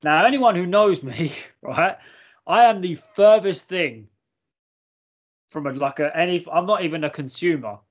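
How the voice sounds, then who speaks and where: A man co-hosting a podcast, telling a story in casual, animated chat and swearing freely. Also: a little high, measured pace. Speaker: podcast host. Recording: muffled lo-fi podcast audio.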